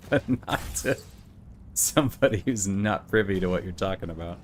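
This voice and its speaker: A man's voice: deep voice, moderate pace, a little hiss or hum. A middle-aged man hosting a gaming channel, chatting casually and rambling through stories with quoted voices while he plays. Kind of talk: casual chat while playing.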